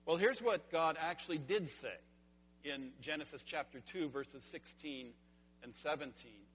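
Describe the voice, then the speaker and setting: A man's voice: on the high side, lively intonation, normal speed, a bit bright, a little hiss or hum. Earnest male pastor in a reverberant sanctuary. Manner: earnest, rhetorical questions, repeats key phrases. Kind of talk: sermon. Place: church sanctuary. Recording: long hall reverb.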